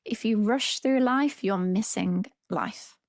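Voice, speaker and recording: A woman, a therapist co-hosting a casual podcast chat, reflective and quick to vent about her pet peeves. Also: fairly high pitch, dry recording, studio quality.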